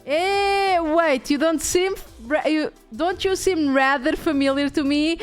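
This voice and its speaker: High-voiced woman streaming. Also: measured pace, faint music behind. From Portugal. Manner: casual, swears, thinks aloud while playing. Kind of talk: casual game-stream chat.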